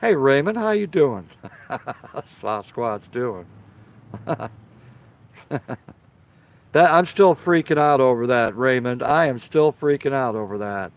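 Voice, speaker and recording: Chatting casually with his live-stream viewers from beside an outdoor firepit, a man reads out their comments. His mid-range voice is expressive and measured, with frequent pauses, and he gets emphatic, repeating himself to drive points home.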